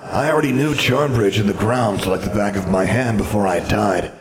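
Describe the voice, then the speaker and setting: A man doing a gentle, regretful old wizard ghost. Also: fairly low pitch, normal speed, lightly acted. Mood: calm, pleading. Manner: soft, placating, kindly.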